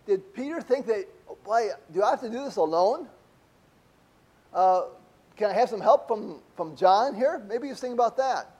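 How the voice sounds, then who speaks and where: High-voiced male preacher, mellow tone. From Spanish-speaking country. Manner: conversational preaching with frequent "okay?" check-ins. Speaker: pastor. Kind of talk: sermon.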